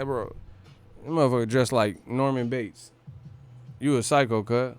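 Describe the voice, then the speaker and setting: Hosting a boxing livestream, a man from California keeps a steady, unhurried medium-pitched voice with a clean tone. Yet his casual rant is brash and profane, full of hard riffing, laughter and sung lines.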